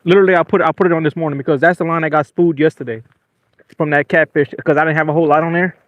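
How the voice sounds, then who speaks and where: A man, hosting a fishing livestream from a small boat and talking casually and excitedly to his viewers. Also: fairly high pitch, very fast, no echo, dull audio. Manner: excitable, venting, apologetic. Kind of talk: casual live-stream talk to viewers. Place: small boat on open water.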